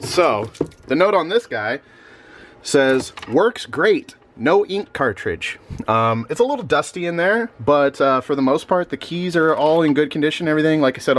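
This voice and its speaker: A young man from Missouri, a reseller vlogger, rambling casually with lots of fillers and sudden jumps up in pitch, a bit sleepy. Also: a little hiss or hum. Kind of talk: casual chat.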